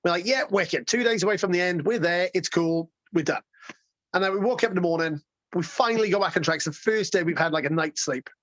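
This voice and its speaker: A man guest telling a road-trip story in a casual, excitable way, swearing and rambling with lots of restarts. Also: high-pitched, quick pace, no room sound, dull audio.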